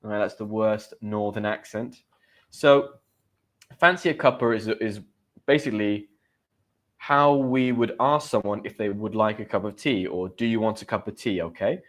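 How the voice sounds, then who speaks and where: A man's voice: lowish voice, normal speed, a bit bright. A man with a British accent teaching English in a live stream. He chats casually with viewers, greeting them and reading their comments aloud. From Great Britain.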